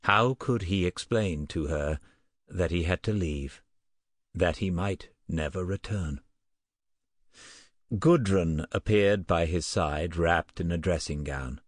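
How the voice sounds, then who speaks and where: A man narrating an audiobook in a measured, even way. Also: sits low, no echo, studio quality. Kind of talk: scripted narration.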